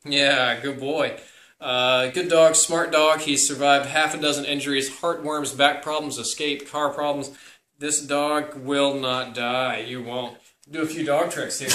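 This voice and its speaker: Young male guest answering fan questions, casual and upbeat, mid-pitched voice, recorded on camera in a roomy home space. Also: fairly even intonation, measured pace, pushed and bright. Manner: upbeat, breaks off to coo at his dog. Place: room at home. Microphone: camera held by his wife. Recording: echoey room.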